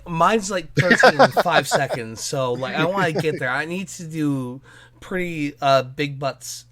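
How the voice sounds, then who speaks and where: A man hosting a casual podcast, excitable, joking and quick to apologize. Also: fairly high pitch, a loud crowd. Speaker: podcast host.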